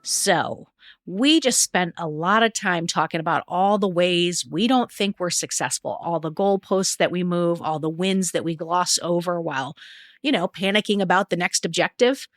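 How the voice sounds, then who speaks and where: A woman's voice: lowish voice, moderate pace, no echo, clean studio sound. A woman hosting a podcast, reading a scripted segment with chatty asides. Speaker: podcast host.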